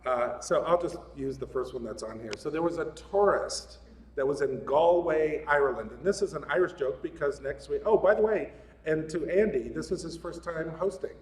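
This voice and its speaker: A male speaker gives a relaxed, joking sermon, chatting with the room and laughing often. His voice carries through a large echoing hall, picked up from a distance, with faint room sound underneath. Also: a little high, moderate pace, noisy background. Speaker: guest speaker at a spiritual center. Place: large hall of a spiritual center.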